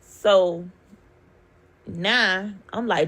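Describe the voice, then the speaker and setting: A young woman, telling a story with animated, profane emotion. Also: on the low side, moderate pace, creaky, a crowd in the background. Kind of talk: storytime vlog.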